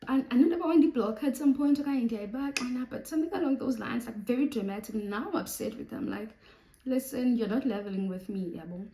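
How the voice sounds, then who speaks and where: Animated South African woman telling a story. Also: high-pitched, fast talker, hardly any pauses, roomy sound, poor audio. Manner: animated storytelling, mixing Xhosa into English. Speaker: YouTuber. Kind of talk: storytime vlog.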